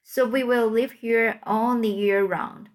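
A woman's voice: on the high side, fairly even intonation, slow. A woman reading the lines of the snow and frost in a fairy tale, gleeful winter spirits claiming a garden.

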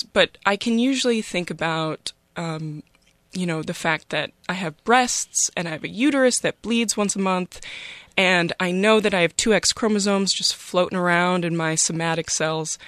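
A young woman telling a personal story in a wry, conversational, self-mocking way, pausing often on "um". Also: on the low side, fairly bright tone, no echo.

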